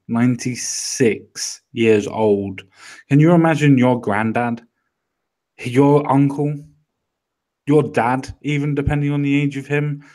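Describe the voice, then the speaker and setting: A man chatting on a commentary show in a blunt, ranting way, swearing freely as he makes his point. His voice sits at a middling pitch and he talks at an everyday pace. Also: a little mellow. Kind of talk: casual commentary chat.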